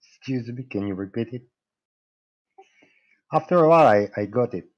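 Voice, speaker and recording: A man's voice: medium pitch, expressive, moderate pace. A man from Israel chatting on a group call, blunt and teasing. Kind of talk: casual group call chat. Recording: dull, lo-fi call audio.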